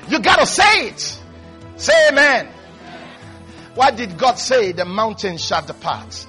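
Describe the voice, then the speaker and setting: A man preaching a sermon as a pastor, emphatic and repetitive, with sudden loud rises. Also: very high-pitched, very animated, slow, long pauses, faint music behind.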